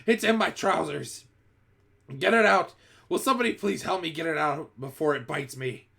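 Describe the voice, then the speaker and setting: A man voicing a frantic adult male cook who yells and shrieks in panic. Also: on the high side, moderate pace, gravelly, husky, pitched above the performer's own voice, heavily acted. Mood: panicked. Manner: frantic yelling.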